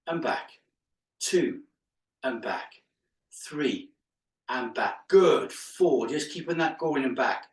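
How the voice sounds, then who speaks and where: A male fitness instructor leading a live exercise class, counting reps aloud with chatty asides and laughing at his own jokes. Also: fairly high pitch. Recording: echoey room, mic far off.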